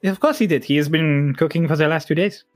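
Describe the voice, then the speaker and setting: A man's voice: on the high side, fast, dry recording, soft background music. Man running a tabletop game, dry close sound. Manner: casual, laughing, swears freely. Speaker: game master.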